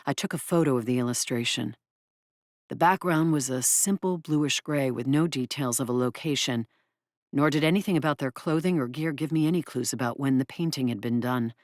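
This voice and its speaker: A woman narrating an audiobook in the first person, in an expressive, brisk way. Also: a bass voice, dry recording, clean studio sound.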